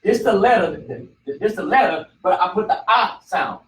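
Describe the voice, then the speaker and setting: A man's voice: sits high, lively intonation, moderate pace, a little hiss or hum. Man teaching in an echoey room. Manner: repetitive, prompting the class with questions. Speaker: bible study teacher. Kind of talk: classroom teaching. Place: study hall room. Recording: echoey room, mic far off, faint ambience.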